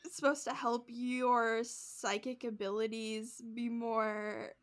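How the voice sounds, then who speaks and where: A woman's voice: fairly high pitch, flat delivery, takes it slowly. A woman in casual podcast chat, recapping a show with lots of fillers and acted-out quotes. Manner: chatty, heavy use of "like", acts out quotes. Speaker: podcast co-host.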